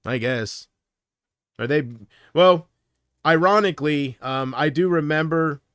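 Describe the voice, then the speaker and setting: A man's voice: on the high side, measured pace, fairly bright tone, clean tone, no echo, studio quality. A man on a casual livestream, rambling and unsure, drifting between thoughts while he answers viewer comments. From United States.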